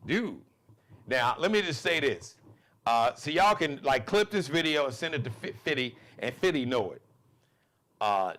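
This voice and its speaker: Animated man hosting a live show. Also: medium pitch, normal speed. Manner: animated, laughing, loose and conversational. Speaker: talk show host. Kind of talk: live monologue, casual commentary.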